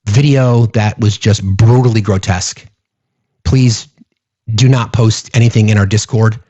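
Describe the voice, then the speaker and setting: A man's voice: on the low side, unhurried, warm tone, dry recording, highs cut off. A man hosting a political commentary show, speaking emphatically and repeating phrases for stress.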